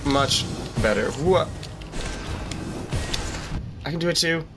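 Excitable man yelping through gameplay. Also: a little high, slow pace, over music. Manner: excitable, jokey, yelps and exclaims while playing. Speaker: gaming channel host. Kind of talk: let's play commentary.

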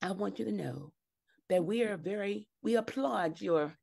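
A woman's voice: mid-range voice, vocal fry, a little mellow. A woman improvising a prim, hesitant school official with a put-on Southern accent. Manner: hesitant, halting. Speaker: improv performer. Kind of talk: live improv comedy scene.

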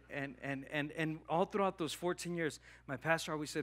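A man preaches a sermon in a church, a pastor telling his own story. His voice sits a little high and sounds bright and forceful. He acts out the dialogue with God with lively energy. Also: fairly quick, few pauses. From Southern California. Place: church hall.

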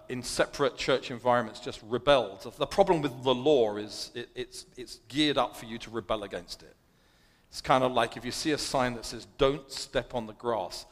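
London man preaching in a reverberant hall. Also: mid-range voice. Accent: London English. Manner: chatty, self-deprecating. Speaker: guest preacher. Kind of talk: sermon.

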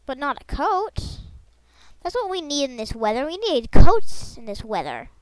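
A woman's voice: high voice, very animated, a little slow, no echo, rough recording. A woman giving playful, rambling gameplay commentary, making silly sound effects and joking to her viewers as she plays. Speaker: gaming channel host.

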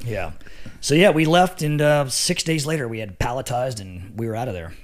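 A man's voice: medium pitch, normal speed. A middle-aged man telling stories as a podcast guest, laughing often and swearing freely. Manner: profane, laughing storyteller. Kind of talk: casual storytelling.

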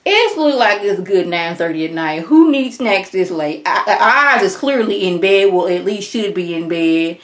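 A woman casually recapping a TV episode in colloquial, animated speech. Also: mid-range voice, normal speed, few pauses. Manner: animated, colloquial, acts out characters' lines. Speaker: TV show reviewer.

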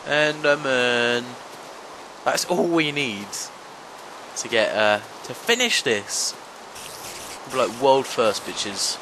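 A young man giving let's-play commentary, talking to the monsters and yelping and shouting whenever they hit him. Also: medium pitch, expressive, takes it slowly, long pauses, background noise. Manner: talks to monsters, yelps and shouts when hit. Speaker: gaming channel host.

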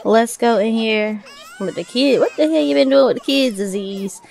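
A woman giving casual, excitable let's-play commentary and talking to her viewers. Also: on the high side, normal speed, gravelly, slight background noise. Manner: excitable, chatty, addresses viewers as y'all. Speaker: gaming video host.

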